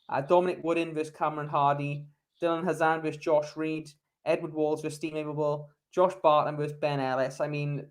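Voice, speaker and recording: A man hosting a sports podcast in casual chat, enthusiastic and leading the discussion. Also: a little high. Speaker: podcast host.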